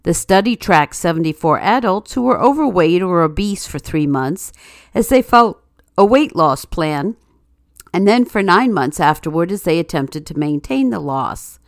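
A woman's voice: fairly low pitch, expressive, normal speed, no echo. A woman host reading news items and a string of jokes with a dry, wry delivery. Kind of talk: read-aloud segment with news, quotes and jokes.

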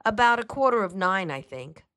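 A woman reading aloud, voicing a nervous middle-aged housekeeper with a sharp, high-pitched voice and an evasive, hesitant way of answering. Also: expressive, normal speed.

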